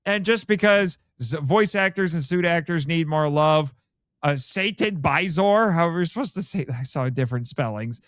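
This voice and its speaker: A man's voice: fairly high pitch, lively intonation, normal speed, fairly bright tone, smooth, no echo, studio quality. A man chatting casually on a podcast about films, reading out cast names as he looks them up. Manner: chatty, reads out cast names while looking things up. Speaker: podcast co-host.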